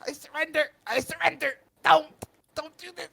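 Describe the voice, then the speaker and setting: A man's voice: extremely high pitch, fairly even intonation, normal speed, vocal fry, sharp tone, voice pushed up, heavily acted. Man doing a shrieking panicked little captive. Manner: shrieking, pleading.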